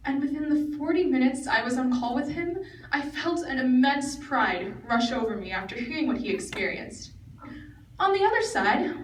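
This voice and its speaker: Teen girl reading her speech earnestly, fairly high voice, echoey hall, recorded from way back, little bit of noise. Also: recorded from a distance. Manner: earnest, recited delivery. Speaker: student speaker. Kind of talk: prepared speech. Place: large convention hall.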